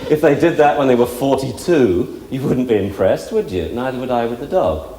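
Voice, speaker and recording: During a live demonstration with several dogs, a trainer chattily walks through each step. His mid-range voice is brisk and dark-toned with lively intonation. There's a little hiss or hum, and the echoey hall has faint ambience.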